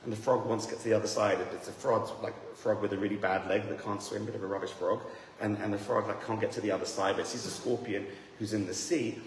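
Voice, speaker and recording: A man giving a lively, joking seminar talk as a rabbi, teasing himself and the audience. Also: lowish voice, fast talker. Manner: animated, joking, self-deprecating. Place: room with a live audience. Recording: echoey hall, faint noise.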